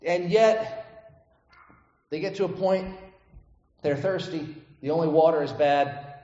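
Pastor, male, conversational sermon, somewhat high voice, long echo from a church hall, dull lo-fi capture. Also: slow, mellow. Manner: conversational, asks the congregation "right?" often. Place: church sanctuary.

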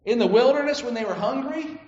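A man's voice: extremely high pitch, a little fast, a little mellow. A man preaching a sermon in a conversational way who often checks in with the listeners by asking "right?". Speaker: pastor. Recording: echoey room, slightly dull sound.

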